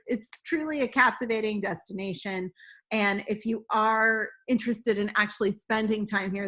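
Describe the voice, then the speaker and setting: A woman hosting a casual travel chat, halting and full of ums and uhs. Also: medium pitch, fairly bright tone. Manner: halting, many "um" and "uh". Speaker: host.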